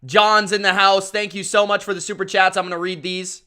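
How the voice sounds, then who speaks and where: A man hosting a live stream, calling football play-by-play with a hyped announcer-style delivery and shouting out his chat. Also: high voice, little pitch movement, a little fast, clean tone. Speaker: live-stream sports commentator.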